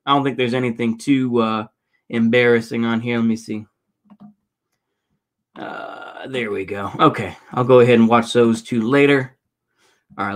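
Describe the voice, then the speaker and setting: His mid-range voice sounds a bit bright as he reacts to protest footage on a livestream. He rambles casually, cursing and leaning heavily on fillers.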